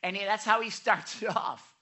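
A pastor preaching a conversational, animated sermon with frequent asides and self-corrections. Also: mid-range voice, normal speed.

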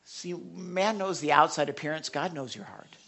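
Excitable preacher swinging loud and hushed. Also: mid-range voice, normal speed. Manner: animated, swinging between loud exhortation and hushed soft lines; excitable, with restarts and self-corrections. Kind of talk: sermon.

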